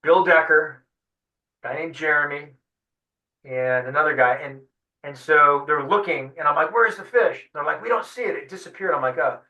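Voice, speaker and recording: A fishing guide tells his story with energy, voicing each person in it. His voice is a bit high and bright. It comes from some distance in an echoey room. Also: normal speed, dull audio. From San Diego. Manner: animated storyteller acting out quotes. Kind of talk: storytelling in a webinar interview.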